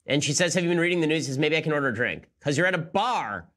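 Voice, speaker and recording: A man hosting a commentary show, firing off his points at a very quick clip. His voice sits a bit high for a man, and his tone is sarcastic and incredulous. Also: animated, pushed and bright. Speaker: political commentary show host. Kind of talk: rapid-fire commentary.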